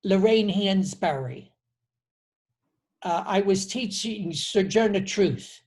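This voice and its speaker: Older male host, 70s, slow earnest storyteller. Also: animated, darkish tone. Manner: slow, earnest and reflective, dropping low on key phrases. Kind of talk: conversational storytelling.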